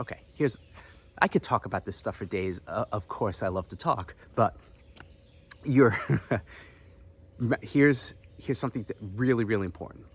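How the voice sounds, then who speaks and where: A man giving direct-to-camera business advice as an online coach, energetic and chatty with playful asides. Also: mid-range voice, slightly rough.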